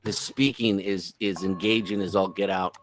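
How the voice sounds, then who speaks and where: A man's voice: low voice, fairly even intonation, moderate pace, fairly bright tone, a little hiss or hum. A man giving sarcastic, casual commentary on videos, exclaiming and mocking as he goes.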